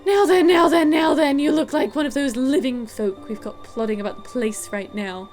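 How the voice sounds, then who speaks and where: A woman voicing a gruff, pompous male ghost police chief who talks down to people. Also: high-pitched, normal speed, darkish tone, soft background music, voice pushed up, lightly acted. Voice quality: blustering, condescending, calls people son.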